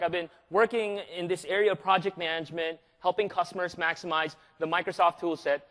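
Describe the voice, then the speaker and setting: Lively, joking male presenter from the Philippines. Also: high-pitched. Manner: energetic and joking, keeps asking the audience questions. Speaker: conference presenter. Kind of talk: live conference presentation. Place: large conference hall. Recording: long reverb of a large hall.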